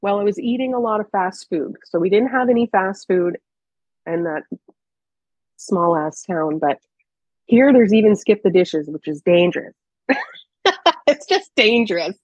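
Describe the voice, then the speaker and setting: A woman's voice: medium pitch, animated, a little slow, pauses often, a little mellow, no room sound, muffled recording. A woman in her thirties, speaking as a podcast guest and telling personal stories in a candid, chatty way with hesitant restarts. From Canada. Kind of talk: casual personal storytelling.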